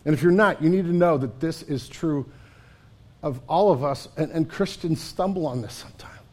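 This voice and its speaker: A man preaching a conversational sermon as a pastor, often dropping to a quiet, low delivery. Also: moderate pace, breathy edge.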